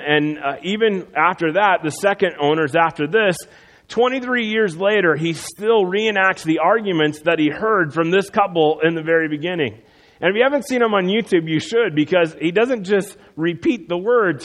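Guy pastor giving a sermon, kinda high voice, lots of ums and uhs, church echo. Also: fairly bright tone. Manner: conversational with many fillers and restarts.

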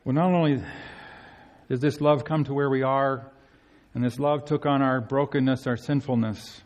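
A man preaching a sermon in an earnest, pleading way, swinging between soaring emphasis and hushed tenderness. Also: mid-range voice, steady tone, normal speed.

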